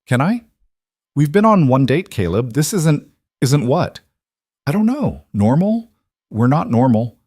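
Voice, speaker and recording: A man's voice: on the low side, lively intonation, normal speed, darkish tone, no echo, studio quality. A man voicing an exhausted, proud young working woman in a storybook reading, his voice raised for her. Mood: uneasy. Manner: strained, weary, defensive.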